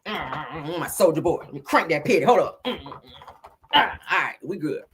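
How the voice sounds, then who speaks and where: A woman's voice: deep voice, lively intonation, moderate pace, a bit bright, a little hiss or hum. A woman hosting casual reality TV gossip commentary, sassy, blunt and full of slang. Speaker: host.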